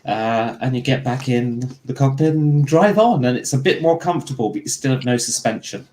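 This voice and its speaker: A man's voice: medium pitch, expressive, moderate pace, dark tone, a little hiss or hum. A man running a tabletop game as game master, narrating in a loose, rambling way with plenty of fillers.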